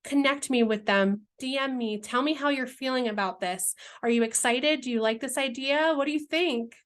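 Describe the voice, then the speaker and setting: Earnest dreamy woman, slightly high voice. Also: moderate pace. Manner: dreamy, earnest, rambling, searching for words. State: near tears at times. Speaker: entrepreneur presenting her brand vision. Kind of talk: emotional, heartfelt vlog pitch.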